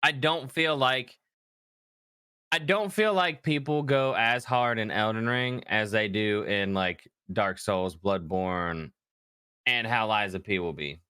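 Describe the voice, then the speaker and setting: Animated man in casual gaming chat. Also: fairly low pitch, takes it slowly, clean tone, no room sound, clean studio sound. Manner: animated, laughs often, trails off. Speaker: podcast co-host.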